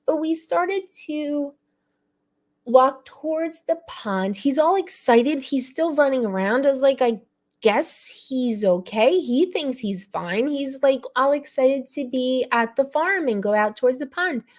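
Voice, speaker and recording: A woman hosts a casual live stream and tells a long story in a rambling way, full of fillers and throat clearing. She sounds tearful and upset, and her voice sits slightly high. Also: lively intonation, measured pace.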